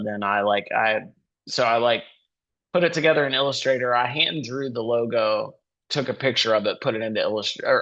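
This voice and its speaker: Male musician guest, casual rambler, mid pitch, dull lo-fi audio. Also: a bit bright. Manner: rambling, many "like" fillers. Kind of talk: casual interview chat.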